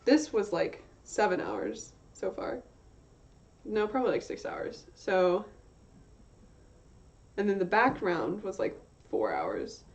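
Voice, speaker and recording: Drawing on a livestream, a young woman keeps up casual, rambling chatter full of fillers and self-corrections. Her medium-pitched voice swings hugely in pitch, she speaks slowly, and she leaves long pauses. The stream audio is slightly dull and lo-fi.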